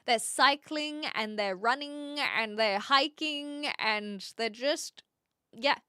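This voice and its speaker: Chatting casually with live viewers, an Australian livestream host reads their comments aloud, answers them and laughs a lot. She speaks slowly in a high, sharp yet clean voice, with clean studio sound and no room sound.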